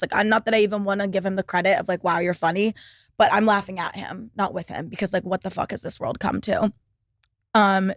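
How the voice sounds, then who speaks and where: A woman's voice: medium pitch, no echo, clean studio sound. A woman in her twenties hosting a solo podcast, rambling casually with constant fillers and swearing. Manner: rambling, profane, lots of "like" fillers. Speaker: podcast host. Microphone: laptop setup.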